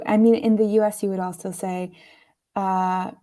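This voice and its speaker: A woman, a guest expert in an English lesson, relaxed and giving example phrases. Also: medium pitch, moderate pace. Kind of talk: casual explanation in a lesson.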